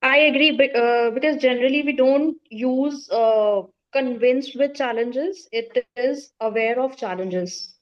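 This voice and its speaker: Woman student, high voice, muffled call audio, hesitant answers in an online class. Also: unhurried, hardly any pauses. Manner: hesitant, repeats drills after teacher.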